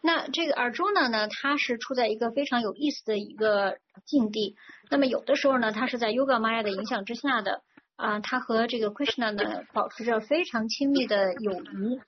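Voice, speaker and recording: A woman's voice: on the high side, fairly quick. A woman interpreting a religious talk phrase by phrase, fluent but with frequent fillers. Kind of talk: consecutive interpreting of a sermon. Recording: dull lo-fi recording with faint noise.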